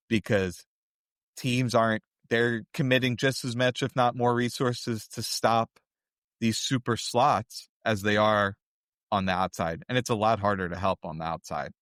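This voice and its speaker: A man's voice: fairly low pitch, a bit bright, no room sound, clean studio sound. Analytical male podcast co-host. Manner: analytical, talks in long run-on explanations. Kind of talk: casual chat.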